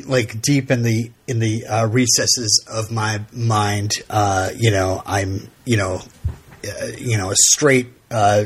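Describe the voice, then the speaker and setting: There's a breathy edge to this man's fairly low voice as he co-hosts a podcast. The conversation is relaxed and rambling, peppered with fillers and restarts.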